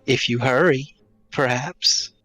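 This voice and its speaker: A man's voice: medium pitch, slow pace, bright, forceful tone, faint music behind. A man voicing a callous, mocking male tree spirit that taunts and speaks in riddles. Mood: taunting. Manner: taunting, cryptic, laughs callously.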